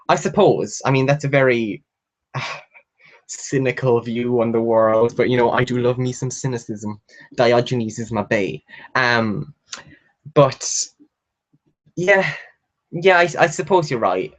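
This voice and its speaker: A man's voice: medium pitch, unhurried, a bit bright, muffled recording. A young man hosting a book live stream, chatting casually and answering viewer comments, gushing and rambling with lots of fillers and the odd swear word. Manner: reads viewer comments aloud and answers them.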